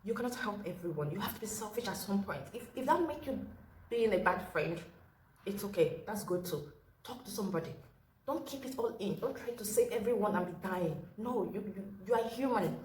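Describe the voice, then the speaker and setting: An earnest woman shares a personal story straight to camera, handing out heartfelt advice and driving her main points home by repeating them. Her voice is mid-pitched and sits in a roomy, echoey space with a faint hum of ambience behind it. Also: animated, a little fast, darkish tone. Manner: earnest, advice-giving, repeats key phrases. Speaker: vlogger telling a personal story. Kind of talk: casual storytime monologue.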